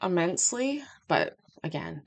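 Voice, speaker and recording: A woman's voice: on the low side, big pitch swings, measured pace, vocal fry. A woman hosting a casual livestream from home, chatty and rambling, with self-deprecating asides. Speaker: host.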